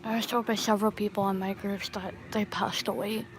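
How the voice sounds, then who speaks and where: A woman casually recounting a personal story into her phone, halting and restarting often. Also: mid-range voice, little pitch movement, a little hiss or hum, low-quality recording. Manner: halting, with many restarts and pauses. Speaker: storytime vlogger.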